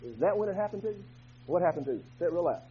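A male pastor preaching a fervent sermon in a church, moving from quiet talk to shouting. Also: high-pitched, lively intonation, racing, a little hiss or hum. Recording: dull lo-fi recording.

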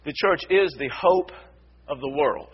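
Guy preaching a sermon, slightly high husky voice, keeps repeating lines and gets loud, muffled sound. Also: expressive, unhurried. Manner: repetitive, builds to shouted emphasis. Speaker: pastor. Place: church sanctuary.

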